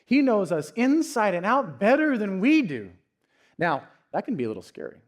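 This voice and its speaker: A young adult man with a notably high voice delivers a church sermon. He tells stories earnestly, sinking to near-hushed lines and then lifting into raised, emphatic passages. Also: big pitch swings, normal speed. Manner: earnest, storytelling with dynamic swings from hushed to raised. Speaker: pastor.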